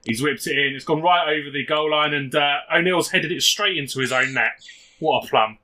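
Slightly high-pitched, bright and forceful, this man talks briskly as co-host of a football podcast. His laddish, self-deprecating banter includes tongue-in-cheek match commentary.

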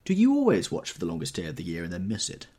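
A woman's voice: very deep voice, huge pitch swings, very fast, dark tone, slightly rough, exaggerated voice. A man reading an audiobook, voicing a flighty young society wife in a lilting, dramatic, raised voice.

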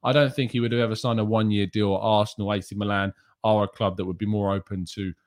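A man's voice: lowish voice, flat delivery, fast. A man hosting a casual football podcast livestream, chatting away and reading out viewers' names and messages. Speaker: podcast host.

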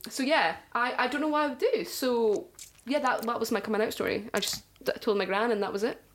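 A woman's voice: fairly high pitch, a little fast, a little hiss or hum. A woman in her thirties, chatting casually as a podcast co-host and telling a story with lots of fillers. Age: 30s. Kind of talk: casual chat.

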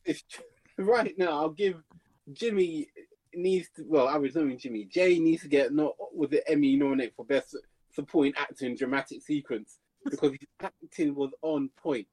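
A man co-hosting a casual podcast chat, giving emphatic, animated opinions. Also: a little high, normal speed, breathy edge. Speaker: podcast co-host.

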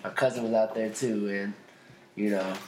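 A man's voice: fairly low pitch, steady tone, moderate pace, a little mellow. A man co-hosting a podcast in casual chat with laid-back, joking banter. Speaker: podcast co-host. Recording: echoey room with clear background noise.

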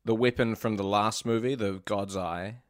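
A man co-hosting a casual movie podcast, sarcastic and quick to swear. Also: on the low side, fairly even intonation, no echo, clean studio sound. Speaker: podcast co-host.

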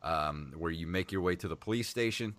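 A man's voice: low-pitched, a little fast, a bit bright. A man in his thirties co-hosting a casual podcast, talking in a laid-back, rambling way with lots of fillers. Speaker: podcast co-host, game reviewer.

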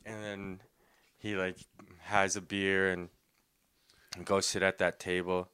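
Brief: young male comedian telling a rambling story, bright and clear voice. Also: low-pitched, flat delivery, slow. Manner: rambling, filler-heavy, laughing often. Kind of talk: casual storytelling.

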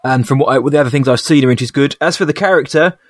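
A man's voice: medium pitch, very fast, no room sound, studio quality. A young man chatting casually as a podcast co-host, thoughtful and hesitant, often restarting his sentences. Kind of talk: casual chat reviewing a TV episode.

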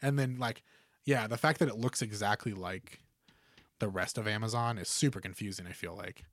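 A man's voice: on the low side, fairly even intonation, moderate pace, a bit bright, no echo, studio quality. A man co-hosting a casual podcast chat, rambling and full of fillers. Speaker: podcast co-host.

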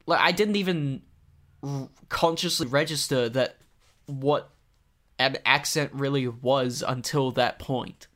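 A man's voice: medium pitch, a bit bright. Young aussie guy, accent sorta drifts toward american, stops and restarts a lot. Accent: Australian with American tinges. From Australia. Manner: halting, self-reflective, many restarts. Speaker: podcast guest. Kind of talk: casual chat.

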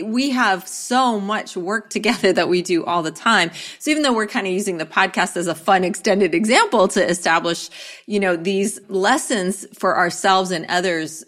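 A woman's voice: fairly low pitch, fairly bright tone. Enthusiastic woman co-hosting a podcast. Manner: enthusiastic, quick, emphatic. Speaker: podcast co-host. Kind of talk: casual conversational podcast.

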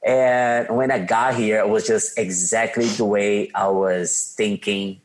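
A man in his forties with a Brazilian Portuguese accent, a podcast guest telling his life story in an animated way and acting out quotes. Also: lowish voice, takes it slowly. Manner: animated, laughs often, acts out quotes. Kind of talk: personal storytelling in a podcast interview.

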